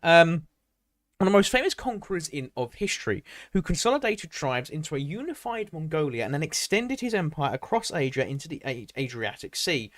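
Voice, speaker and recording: On his live stream, a man with a somewhat high voice works through a history article aloud, frequently restarting and wandering into asides. Chatty, he pauses to answer what viewers type in the chat. No room sound is audible.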